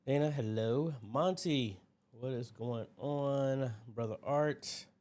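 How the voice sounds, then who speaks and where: Man, livestream host, casual Q&A, chatty, rambling, desk mic, mid-pitched. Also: slow, a little mellow. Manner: rambling, chatty, greets viewers by name. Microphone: desk mic at a computer.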